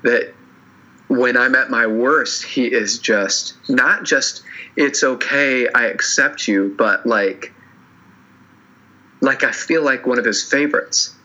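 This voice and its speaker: A man sharing his story as a podcast guest, earnest and halting with many restarts, and teary. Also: medium pitch, bright, forceful tone, muffled recording. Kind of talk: emotional personal interview.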